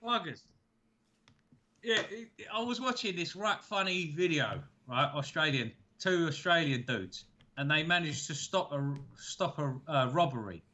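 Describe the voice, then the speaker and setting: A man's voice: fairly high pitch, lively intonation, measured pace, sharp tone. A man co-hosting a casual chat over beers, telling stories in a laid-back way and swearing freely. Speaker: co-host.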